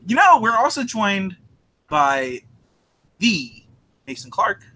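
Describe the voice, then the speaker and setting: A man's voice: high voice, very animated, slow, pushed and bright. A man hosting a live podcast, winded and nervous, reading sponsor spots with lots of fillers. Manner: nervous, filler-heavy, laughing. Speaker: podcast host.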